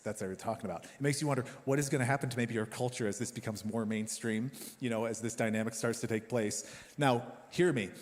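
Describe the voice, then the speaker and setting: A man in his thirties preaching a sermon as a pastor, telling a personal story in an animated, self-deprecating way. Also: medium pitch. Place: church auditorium. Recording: long hall reverb.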